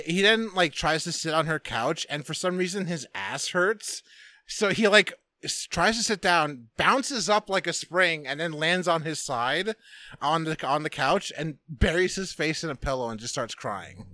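A man's voice: fairly high pitch, expressive, unhurried, sharp tone, no echo. A man co-hosting a podcast, casually retelling a movie scene by scene, rambling and profane with lots of restarts and fillers. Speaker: podcast co-host recapping a film. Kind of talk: casual chat.

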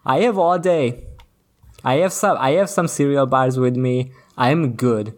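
A man chats through a comedy movie review podcast as co-host, trading bits with his partner. He laughs often and swears casually, his voice at an ordinary middle pitch. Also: measured pace. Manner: riffing, laughing often, profane.

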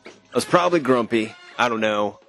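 A man's voice: mid-range voice, animated, fairly quick, gravelly, a bit bright, faint music behind. A young man co-hosting a podcast, chatting casually and telling rambling jokey stories into a podcast mic with a pop filter. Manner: joking, rambling storyteller. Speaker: podcast co-host. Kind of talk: casual chat.

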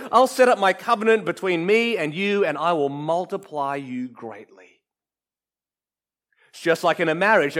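A man preaching a sermon in an earnest, emphatic way, often dropping to a hush for effect. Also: fairly high pitch. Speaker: pastor.

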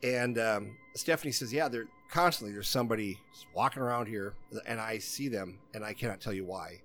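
A man's voice: on the low side, fairly quick, fairly bright tone, soft background music. A man in casual chat, telling a long story in a rambling way and often stopping to quote what other people said. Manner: rambling, repeats "she goes" while quoting others.

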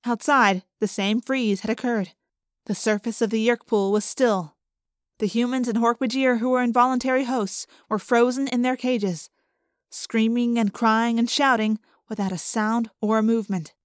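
A woman reading an audiobook aloud in first person, expressive, lifting her voice for the characters' lines. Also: moderate pace, no echo, studio quality. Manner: expressive, lifting pitch for dialogue. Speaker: audiobook narrator.

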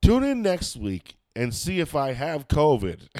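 A man's voice: fairly high pitch, wildly swooping pitch, slow, a little mellow, slight background noise. A man, a comedian hosting a podcast, chatting casually and rambling with lots of swearing and fillers; he has a cold and a smoker's cough. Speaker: podcast host and stand-up comedian. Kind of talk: casual chat.

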